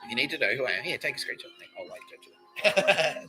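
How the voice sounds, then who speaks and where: Profane man with a lively, bright voice. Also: medium pitch, quick pace, soft background music, rough recording. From Australia. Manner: profane, rambling, laughs often. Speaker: podcast host. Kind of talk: rambling comedic monologue.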